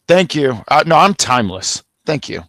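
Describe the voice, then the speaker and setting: A man co-hosting a wrestling review show in casual chat, rambling and animated with frequent restarts. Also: a little high, moderate pace, dry recording. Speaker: wrestling review podcast co-host.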